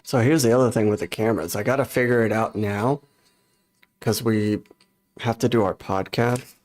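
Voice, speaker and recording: A man's voice: mid-range voice, a little mellow. A man streaming casually as he reacts to music, thinking aloud in a loose, rambling way.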